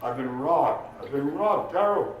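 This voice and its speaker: A whiny, agitated drunk, as a man acts him out in a joke, complains loudly in a raised voice. The recording echoes heavily and the mic sits far away. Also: on the low side, very animated, a little slow, highs cut off, a little hiss or hum. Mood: distressed. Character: distressed drunk man calling police.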